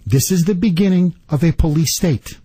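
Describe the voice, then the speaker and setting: A man hosting a talk radio show, delivering an indignant, rapid-fire political monologue. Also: on the high side, mellow, breathy edge, no echo.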